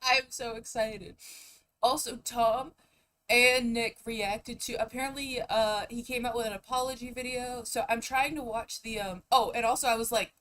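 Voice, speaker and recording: A young woman streaming. She chats casually and rambles, sometimes mumbling and sometimes breaking out loudly. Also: on the high side, moderate pace, a little hiss or hum, rough recording. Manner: rambling, chatty, swings between mumbling and loud outbursts. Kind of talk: casual live-stream chat.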